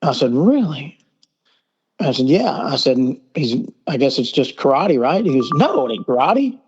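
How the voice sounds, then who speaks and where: A man's voice: mid-range voice, sing-song, moderate pace, darkish tone, soft background music. Rambling Southern man, muffled call audio. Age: middle-aged. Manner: rambling, acts out quoted dialogue. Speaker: podcast guest. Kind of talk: casual storytelling. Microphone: remote call.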